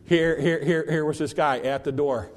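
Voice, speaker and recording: A male pastor preaching a sermon, retelling a parable with lively storytelling and repeated emphasis. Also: on the high side, moderate pace. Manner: animated storytelling, repetitive emphasis.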